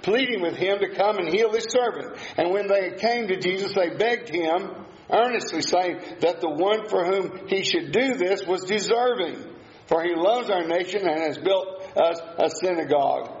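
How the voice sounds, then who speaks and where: A man's voice: high voice, normal speed. A man preaching a sermon at a Bible study, emphatic and given to repeating key phrases. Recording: echoey room, dull lo-fi sound.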